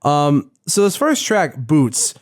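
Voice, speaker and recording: A man's voice: on the high side, big pitch swings, takes it slowly. A young man co-hosting a casual music podcast, rambling and hesitant, with casual swearing. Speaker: podcast co-host.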